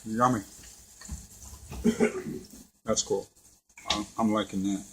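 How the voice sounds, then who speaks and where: At home in his kitchen beside a deep fryer, a middle-aged man cooks with his son and chats casually, telling an animated story with lots of laughs. His voice is on the low side, he takes his time, and a slight hiss or hum is audible.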